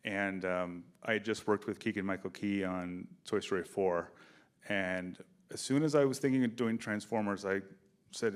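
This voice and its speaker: A film director answering questions at a festival Q&A, telling production stories and acting out quoted dialogue with energy. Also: male voice, lowish voice, normal speed, smooth. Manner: animated storyteller, acts out quoted dialogue. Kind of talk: festival Q&A interview. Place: theater stage, in front of an audience.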